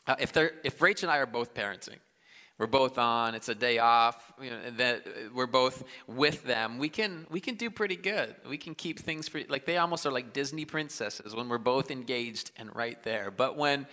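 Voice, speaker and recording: A man in his thirties preaching a sermon in a large church, conversational and self-deprecating, with quick asides and restarts. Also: fairly high pitch, pushed and bright. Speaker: pastor. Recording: live church hall with long reverb.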